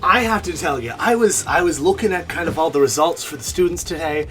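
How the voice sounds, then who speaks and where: A man's voice: fairly high pitch, a little fast, a bit bright, soft background music, pitched above the performer's own voice, lightly acted. A man voicing a breezy radio host. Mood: upbeat. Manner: breezy, chummy, salesman-like patter. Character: upbeat male radio host, friendly.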